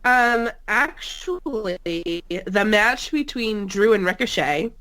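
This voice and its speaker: A woman's voice: mid-range voice, lively intonation, takes it slowly, sharp tone. A woman co-hosting a casual wrestling podcast from a remote call, nasal and congested from a cold, teasing and laughing often. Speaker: co-host. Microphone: remote call mic.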